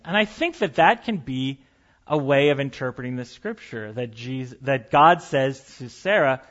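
A man's voice: fairly high pitch, animated, normal speed, fairly bright tone, dull audio. A man preaching a sermon as pastor, conversational and storytelling, with light humor.

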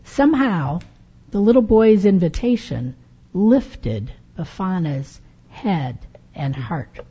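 Slow, lively storytelling woman. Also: on the low side, husky. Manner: slow, animated and dramatic. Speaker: storyteller in a sermon. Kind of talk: expressive read-aloud storytelling. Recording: dull lo-fi recording.

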